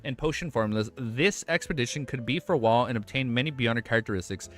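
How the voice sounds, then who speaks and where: A young man livestreaming, chatting casually with his chat and reading a web novel aloud, excitable and swearing freely. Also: medium pitch, quick pace, soft background music.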